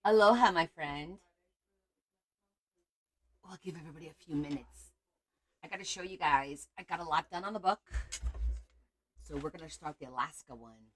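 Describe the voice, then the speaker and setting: A chatty middle-aged woman hosting a craft livestream from her phone at home. Her voice sits a bit low yet cuts through bright and crisp. She teases and greets each viewer by name. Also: a little fast, pauses often. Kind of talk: casual livestream chat with viewers.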